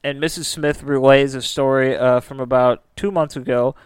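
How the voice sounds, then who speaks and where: A man's voice: mid-range voice, steady tone, normal speed, clear, resonant tone, dry recording. A man casually telling a spooky story as a podcast host, chatty and full of filler words.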